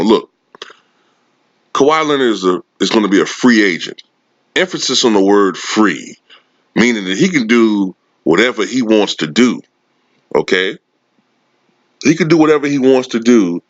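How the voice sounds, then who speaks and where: A man's voice: fairly low pitch, fairly bright tone, no room sound. A man delivering a sarcastic, profane sports commentary rant. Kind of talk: casual ranting commentary. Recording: dull lo-fi dry recording.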